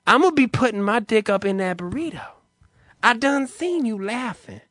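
A man's voice: high-pitched, expressive, normal speed, bright, forceful tone, dry recording, studio quality, voice pushed up. A man voicing a chatty male drive-thru clerk with a lilting way of drawing out his questions. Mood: sassy.

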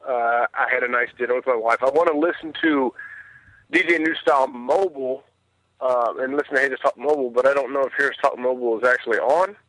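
A man's voice: mid-range voice, fast talker, fairly bright tone, dry recording, rough recording. A man calling in to a radio show from his truck, chatty and polite, with a lot of hesitation. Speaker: caller. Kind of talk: phone call-in chat. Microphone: phone.

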